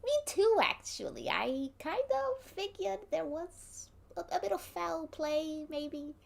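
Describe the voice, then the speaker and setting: A woman voicing a timid adult female clown in a squeaky, hesitant voice. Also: very animated, takes it slowly, creaky, exaggerated voice.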